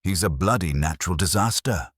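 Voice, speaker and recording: A man voicing a blunt, sardonic middle-aged male vigilante with a rasping delivery. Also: low voice, expressive, fairly quick, a bit bright, dry recording, studio quality, heavily acted. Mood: grim relish.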